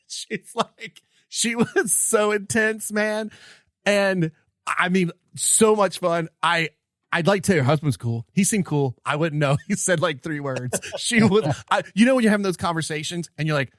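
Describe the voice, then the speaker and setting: Excited man, dry close sound. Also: fairly high pitch, moderate pace, no room sound. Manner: excited, animated telling with many restarts. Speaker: podcast co-host. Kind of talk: casual storytelling chat.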